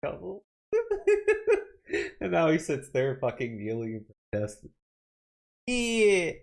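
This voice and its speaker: A man's voice: medium pitch, big pitch swings, measured pace. A man hosting a political commentary show, reacting to clips and news with angry, profanity-laced rants.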